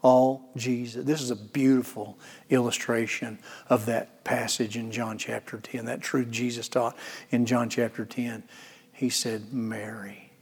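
A man preaching a sermon in an earnest way, slowing down for emphasis and swinging from soft to loud. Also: mid-range voice, level tone, husky. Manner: earnest, slows down for emphasis, rises and falls in loudness. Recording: long hall reverb.

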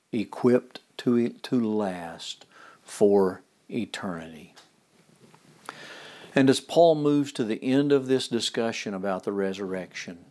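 Slow, emphatic male preacher. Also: lowish voice, a little mellow. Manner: slow, deliberate, emphatic with whispered phrases. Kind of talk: sermon reading and explaining scripture.

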